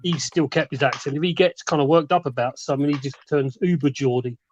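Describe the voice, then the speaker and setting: A man's voice: on the high side, fairly even intonation, quick pace, dry recording. Rambling man on a dull video call. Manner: rambling storyteller, self-correcting. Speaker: regular of a modelling chat. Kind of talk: casual chat. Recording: dry, dull lo-fi sound.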